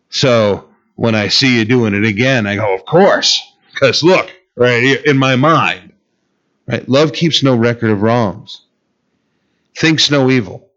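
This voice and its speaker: A man delivers a sermon in a relaxed, conversational way, mixing scripture with wry humor and easy chuckles. His voice sits at an ordinary middle pitch. The recording is slightly dull and lo-fi.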